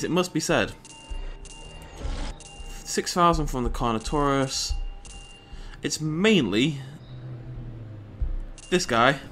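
Brief: male let's-play host, animated pitch, playful chatter. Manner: chatty and playful, reads game dialogue aloud in voices. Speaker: gaming channel host.

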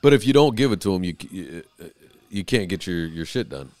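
A man hosting a casual podcast, his voice sitting on the low side and recorded dry and close. He talks loosely and swears freely. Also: sing-song, fast, darkish tone, no echo. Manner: loose, profane, laid-back. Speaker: podcast host. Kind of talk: casual chat.

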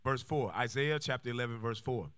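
A man reading Bible verses aloud in a steady, formal way during a class. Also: mid-range voice, fairly quick, clear, resonant tone, no echo, clean studio sound. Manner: steady, formal reading, polite short replies. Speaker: scripture reader.

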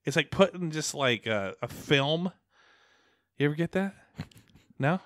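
A man's voice: a little high, animated, unhurried, fairly bright tone, no room sound, studio quality. A young man hosting a casual podcast, rambling with lots of fillers and restarts, a little out of breath. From Pacific Northwest. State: slightly out of breath. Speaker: podcast host.

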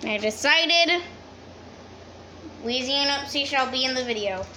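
A woman's voice: sits high, animated, normal speed, sharp tone, slight background noise. Young woman cooing at her dogs. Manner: fond baby talk to dogs. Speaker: vlogger. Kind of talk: casual vlog talking to pets. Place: grandmother's home, in and out of doors.

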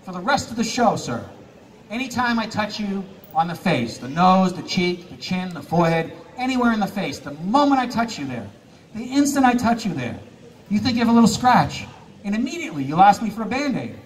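His high voice swings widely in pitch and moves fairly quickly as he performs a stage hypnosis act. In the distant live-stage recording from the theater, he laughs often while playfully directing his volunteers.

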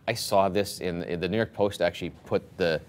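Middle-aged male anchor reading headlines deadpan-serious, low voice. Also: a little fast, a little hiss or hum. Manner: amused, mock-serious anchor delivery. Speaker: guest news anchor. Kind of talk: mock news-anchor headline reading and chat.

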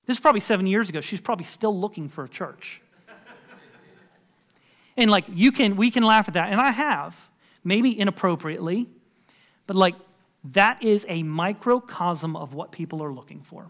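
A man's voice: high-pitched, expressive, moderate pace, fairly bright tone. A man preaching a sermon as pastor in a church, conversational and emphatic, with frequent filler words. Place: church sanctuary.

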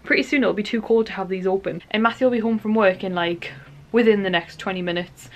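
A woman's voice: medium pitch, quick pace, slight background noise. A young woman chatting casually to camera at home in a bubbly way, with lots of fillers. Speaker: vlogger. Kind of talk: casual vlog chat. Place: at home indoors.

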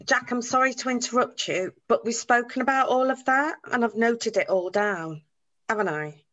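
An actress playing a funeral celebrant who is polite, patient and well-spoken. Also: female voice, a little high, normal speed, a bit bright, muffled recording, close to an everyday voice. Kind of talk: comedy series acting on a video call.

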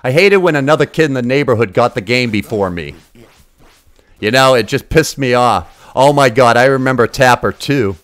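Profane, excitable Boston man streaming games. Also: medium pitch, moderate pace, no echo. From Massachusetts. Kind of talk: casual gaming livestream chat.

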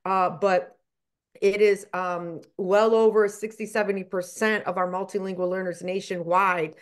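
A woman educator from Chicago, speaking in an earnest, emphatic way over a video call. Her voice sits at a middle pitch, and she leans on key points with a questioning "right?". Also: flat delivery, normal speed. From Chicago, USA. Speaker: educator and guest. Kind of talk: casual video chat.

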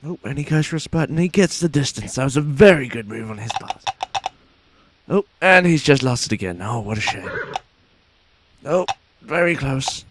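A man playing a pompous, excitable sports announcer in mock commentary over a video game, with formal announcer phrasing, recorded on a noisy home mic. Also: very high-pitched, fast, hardly any pauses, voice pushed up, full character voice. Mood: hushed commentary. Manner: formal announcer phrasing, shouts at near misses.

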